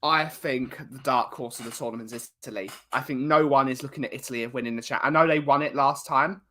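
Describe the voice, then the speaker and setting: A man's voice: medium pitch, fast, bright, forceful tone. A man from England co-hosting a casual football chat, blunt and teasing in his banter. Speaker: co-host.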